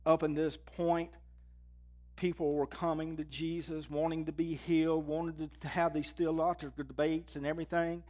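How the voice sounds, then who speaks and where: A male preacher with a somewhat high voice delivers a sermon. He reads scripture with rising force and then drops soft and low for emphasis. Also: little pitch movement, normal speed. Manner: impassioned, rising loud when reading scripture, dropping low for emphasis.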